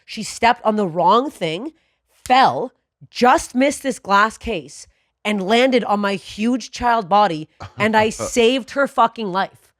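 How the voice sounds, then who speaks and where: A woman co-hosting a podcast, telling a story in a profane, animated way that swings from low muttering to loud bursts. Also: takes it slowly, no room sound, clean studio sound. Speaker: podcast co-host. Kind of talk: storytelling in casual podcast chat.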